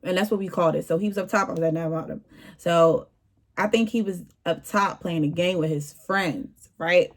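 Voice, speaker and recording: A woman's voice: on the low side, moderate pace. A young woman vlogger telling a storytime in a casual, slangy, exasperated way.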